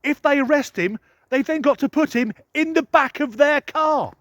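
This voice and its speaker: A man's voice: very high voice, moderate pace, fairly bright tone, dry recording, studio quality. A man delivering a sardonic, sweary comic rant to camera as a vlogger. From United Kingdom. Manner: sardonic, sweary, mock-incredulous. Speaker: comedy vlogger.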